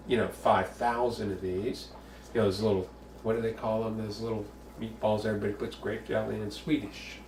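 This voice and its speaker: Gravelly New man in a roomy kitchen. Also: mid-range voice, distant mic, a little hiss or hum. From the Bronx, New York. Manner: chatty, jokey storyteller, bawdy asides. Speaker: home cooking show host. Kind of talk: casual cooking demonstration.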